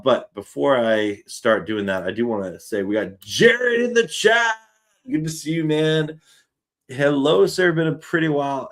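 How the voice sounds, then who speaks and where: A Canadian-accented man hosts a live sports fan stream, chatting excitedly and at length in a medium-pitched voice.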